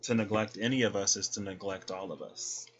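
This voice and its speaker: A man's voice: sits low, fairly quick. Folksy man reading tarot. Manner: chatty, folksy, talks to viewers as y'all. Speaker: tarot reader. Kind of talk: casual tarot reading vlog.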